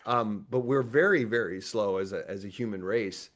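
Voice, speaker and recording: A man hosting a podcast in a casual, conversational interview. He is animated and often laughs. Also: on the low side, normal speed. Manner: animated, playfully acts out imagined dialogue; frequent restarts and laughter. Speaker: podcast host.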